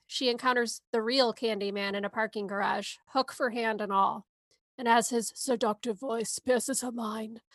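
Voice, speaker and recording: A woman's voice: on the high side, a bit bright, dry recording. A woman podcast co-host giving a movie synopsis in a casual, sarcastic way. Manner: sarcastic, wry asides.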